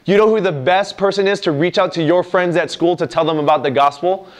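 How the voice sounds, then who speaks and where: A young adult man giving a lively youth sermon, acting out parents and children in quoted lines. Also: sits high, brisk. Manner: animated, acts out quoted lines. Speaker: youth speaker.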